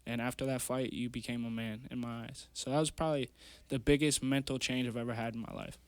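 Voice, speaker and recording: A man's voice: medium pitch, steady tone, fast talker, clear, resonant tone, no echo. A young man in his twenties, a guest on a podcast, telling his story in a rambling, earnest way full of fillers. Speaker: guest, amateur MMA fighter. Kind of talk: casual storytelling interview. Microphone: podcast mic.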